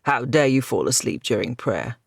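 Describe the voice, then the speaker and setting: Stern older knight, formal and scolding, gravelly; male narrator. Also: mid-range voice, big pitch swings, moderate pace, no room sound, studio quality.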